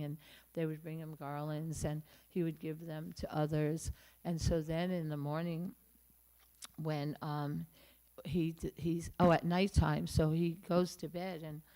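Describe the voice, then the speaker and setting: A woman giving a morning temple class, telling a devotional story with many pauses, fillers and restarts. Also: low voice, a little mellow. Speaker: class speaker. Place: temple room.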